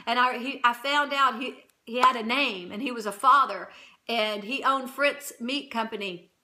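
A middle-aged woman recounts a personal faith testimony in a high, bright voice. She speaks earnestly and emotionally, often breaking off and starting over. Her delivery is heartfelt and unpolished. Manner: earnest, emotional, halting with restarts. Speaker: Christian channel host.

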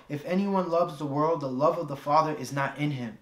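A young man preaches a sermon, mixing a personal story into his message and repeating phrases for weight. His voice sits a little high for a man. The sound carries the echo of a church hall. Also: a little fast.

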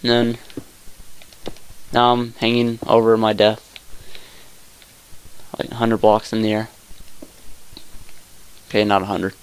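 A young man casually commenting on his own gameplay, talking to himself and his viewers, saying y'all a lot, with excited outbursts. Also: lowish voice, takes it slowly, long pauses, clean tone. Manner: says y'all often. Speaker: let's play gamer.

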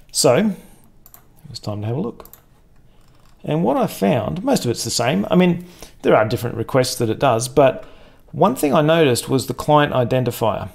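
A man hosting a casual tech video, talking through a screen share in a relaxed, rambling way with plenty of fillers and the odd swear. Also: mid-range voice, gravelly. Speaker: tech channel host. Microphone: desk microphone for the screen segment.

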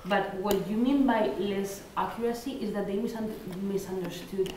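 A woman's voice: medium pitch, moderate pace, a little mellow. Woman asking from far across an echoey room. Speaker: audience member asking a question. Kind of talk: academic Q&A discussion. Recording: very echoey, distant, faint hiss.

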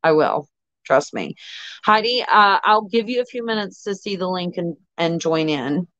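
A woman's voice: fairly low pitch, lively intonation, moderate pace, fairly bright tone, no echo. A woman hosting a casual livestream chat, talking with viewers and easily sidetracked. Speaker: livestream host. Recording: dull lo-fi audio.

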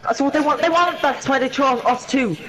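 A man voicing an excitable, newly regenerated male time villain in an online game roleplay, talking in a playful, giddy, chattering way. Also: very high voice, brisk, crowd noise, low-quality recording.

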